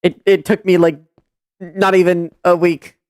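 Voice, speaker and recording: A woman's voice: fairly low pitch, little pitch movement, unhurried, darkish tone, soft background music. A woman streaming live and chatting casually with friends in voice chat, rambling with lots of fillers and restarts.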